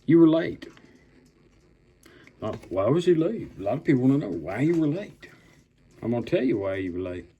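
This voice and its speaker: A man's voice: mid-range voice, big pitch swings, fast talker, husky, dull audio. An older man delivering an angry political rant, blunt and profane, stretching out words for emphasis and making threats. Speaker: political commentator.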